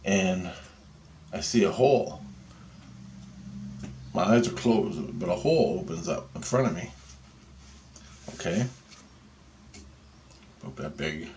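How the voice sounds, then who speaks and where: A man casually telling a vlog story, animated and full of swearing. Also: low voice, slow, pauses often, a little hiss or hum. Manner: profane, animated retelling of a dream. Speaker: vlogger.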